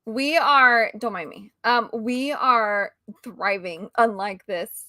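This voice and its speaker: A woman co-hosts a loose podcast chat in a bright, somewhat high voice. She talks with sarcastic emphasis and throws in jokey asides. The sound is dry and close. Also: slow, no echo. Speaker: co-host.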